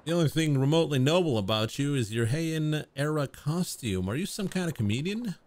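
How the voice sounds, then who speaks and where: Man reading a sarcastic tough guy: blunt and slangy, lively, somewhat high voice. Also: a little fast, slight background noise, close to an everyday voice. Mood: exasperated. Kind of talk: reading game dialogue aloud with voices.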